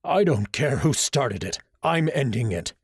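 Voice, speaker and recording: For an audiobook, a man voices a stern male college professor who growls orders at his students, in a commanding, heavily acted delivery pitched above his natural voice. The medium-pitched performance is very animated yet a little slow and slightly rough. The clean studio recording has no room sound.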